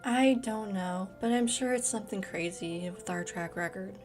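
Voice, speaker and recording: A woman playing a tabletop game, talking casually and quietly while wondering aloud. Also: mid-range voice, moderate pace, soft background music. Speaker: player. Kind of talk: tabletop role-play.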